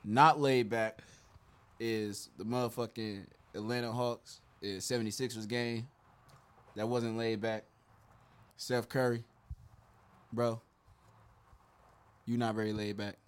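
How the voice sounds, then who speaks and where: A man co-hosting a casual chat, animated and getting loud when excited. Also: mid-range voice, takes it slowly, pauses often, smooth. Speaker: podcast co-host.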